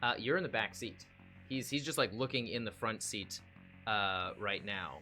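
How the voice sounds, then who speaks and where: A man's voice: lowish voice, normal speed, pushed and bright, soft background music. A man narrating as game master, with many fillers and restarts.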